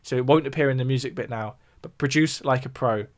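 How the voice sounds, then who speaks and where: A fast-talking man with a medium-pitched voice and a southern English accent hosts a music livestream. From the south of England, he chats casually, explains things, and breaks between points to answer viewer chat.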